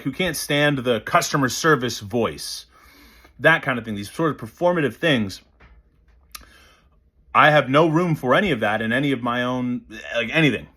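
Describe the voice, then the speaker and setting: A man teaching voice technique in a casual, animated way, who demonstrates sounds and sings short snippets. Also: medium pitch. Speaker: voice coach. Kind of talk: casual instructional talk.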